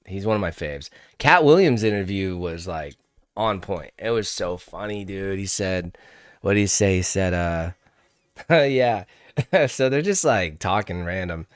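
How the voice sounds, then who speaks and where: Laid-back young man, low voice. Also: animated, a little slow, no room sound, studio quality. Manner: laid-back and slangy, laughs often, calls viewers dude and homie. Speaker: trading livestream host. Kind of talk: casual livestream chat.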